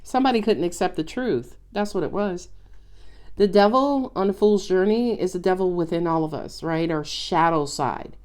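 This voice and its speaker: A woman giving a casual, expressive tarot reading, chatting freely and exclaiming often. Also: lowish voice, normal speed. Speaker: tarot reader.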